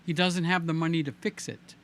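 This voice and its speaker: Male host, slightly high pitch; chatty storyteller who keeps asking "okay?". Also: fairly even intonation, fairly quick. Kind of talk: casual conversation.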